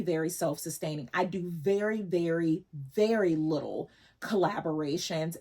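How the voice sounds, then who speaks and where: A woman's voice: on the low side, a little mellow, husky. A woman in her forties talking casually to her viewers in a vlog, emotional and effusive, often repeating words as she goes. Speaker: vlogger.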